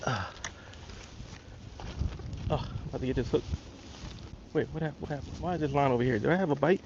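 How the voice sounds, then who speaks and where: Outdoors on a lake bank, a man hosts a casual fishing livestream, laid-back and drawling, and shouts to his father. His mid-range voice is fairly quick with vocal fry, and the recording is muffled with a noisy background.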